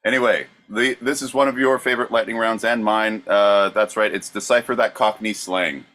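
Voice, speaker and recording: Male podcast co-host, slightly low pitch, halting quiz-master delivery. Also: steady tone, fairly bright tone. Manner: hesitant, lots of uh fillers, plays straight man. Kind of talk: casual comedic banter.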